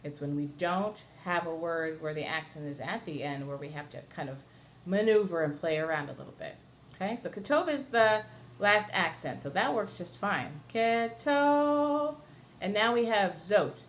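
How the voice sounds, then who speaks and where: A woman's voice: fairly low pitch, animated, moderate pace, a little hiss or hum. A woman cantor explaining Torah chanting step by step to a class, now and then singing short phrases. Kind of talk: classroom lesson with sung examples.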